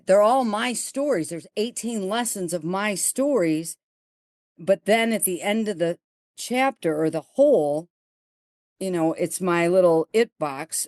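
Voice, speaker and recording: Buffalo-accent lady golf coach, lowish voice, blunt, acts out everybody in her stories, dry close sound. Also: dry recording. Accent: Buffalo, New York. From Buffalo, New York. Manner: blunt, animated storyteller who acts out dialogue. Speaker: golf teacher and guest. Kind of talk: storytelling interview.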